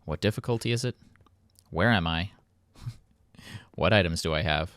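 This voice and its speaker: Low-voiced male game host, chatty and self-mocking, dry close sound. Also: moderate pace, a bit bright, no room sound. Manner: rambling, self-mocking, playful. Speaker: let's play host. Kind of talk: casual gameplay commentary.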